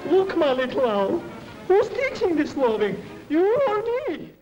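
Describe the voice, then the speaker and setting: An actor playing a smarmy young dance-hall romancer in an old comedy short, talking in flowery mock-romantic phrases. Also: male voice, extremely high pitch, very animated, unhurried, exaggerated voice. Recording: dull old film soundtrack over loud music. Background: loud music.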